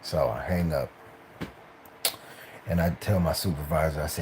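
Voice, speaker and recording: A man's voice: rumbling low, moderate pace, background noise. A tired man, an actor, telling career stories on a casual live stream, rambling with many fillers and restarts and slipping into voices for other people. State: tired, late at night.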